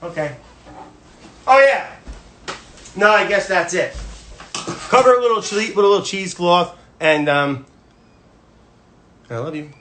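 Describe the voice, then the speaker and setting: A man's voice: high voice, expressive, measured pace, pauses often, bright, forceful tone, slight background noise. A man hosting a casual livestream from home, rambling with restless energy and jumping between topics. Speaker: cooking video host. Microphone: phone livestream.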